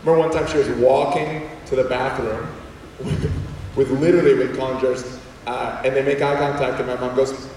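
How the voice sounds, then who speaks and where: A man, a comedian and former teacher, telling humorous stories to an audience in an animated, self-deprecating way and acting out quotes. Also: medium pitch, moderate pace, background noise. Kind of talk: humorous storytelling talk to an audience. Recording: echoey hall heard from far off.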